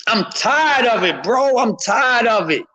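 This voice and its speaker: A man on a live stream, ranting about boxing in a loud, profane, repetitive way, often shouting and addressing his chat. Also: extremely high pitch, lively intonation, measured pace, poor audio. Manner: speaks to a chat member by name. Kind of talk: heated live-stream rant.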